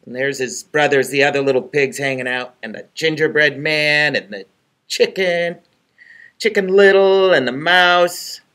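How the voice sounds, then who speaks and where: A middle-aged man, a library director, reading a children's book aloud in an animated, expressive way. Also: fairly high pitch, a little slow.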